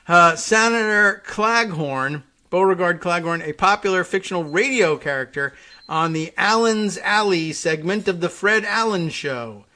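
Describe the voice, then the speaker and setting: A man's voice: high-pitched, animated, unhurried, bright, forceful tone. A man hosting a talk show, casually reading on air and riffing in a wry, rambling way, often chuckling. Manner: rambling, wry, chuckling, many fillers and restarts.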